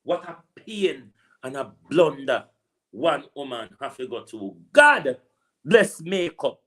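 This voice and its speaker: Speaking at a measured pace with lively intonation, a medium-pitched man with a Jamaican accent rants as an online political commentator. The monologue is preachy and repetitive, full of rhetorical asides.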